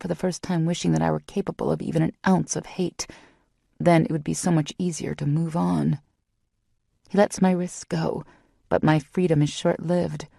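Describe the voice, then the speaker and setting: Gravelly, husky woman audiobook narrator. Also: low voice, dark tone, no room sound, clean studio sound. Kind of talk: first-person romance audiobook narration.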